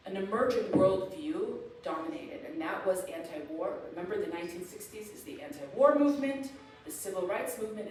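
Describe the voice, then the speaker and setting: Female guest lecturer, animated and emphatic, mid-pitched voice, distant mic in an echoey hall. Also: slight background noise. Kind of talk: public lecture with slides. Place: event hall.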